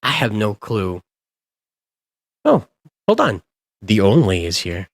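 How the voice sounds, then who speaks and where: A man's voice: on the low side, wildly swooping pitch, slow, gravelly, dry recording, studio quality. A man hosting a livestream, ranting in a sarcastic, sweary, exasperated way. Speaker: livestream host. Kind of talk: casual ranting stream commentary.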